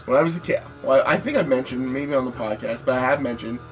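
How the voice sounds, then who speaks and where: Man, thirties, gravelly, rambling crude storytelling, casual podcast chat. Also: mid-range voice, fast talker, soft background music. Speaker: podcast co-host.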